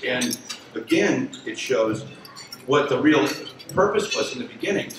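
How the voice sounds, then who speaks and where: A man's voice: mid-range voice, expressive, measured pace, background noise. Older guy in his 60s rambling thru a story at a dinner, far off in an echoey hall, dishes clinking. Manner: rambling, conversational, many fillers and restarts. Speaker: lawyer telling a story at an association event. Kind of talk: spoken reminiscence to an audience. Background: clinking cutlery and dishes.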